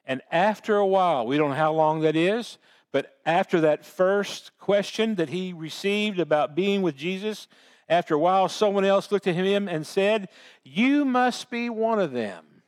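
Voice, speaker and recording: A man's voice: high voice, moderate pace. A man preaching a sermon, telling the story in a folksy, homespun way. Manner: folksy storytelling with baseball analogies.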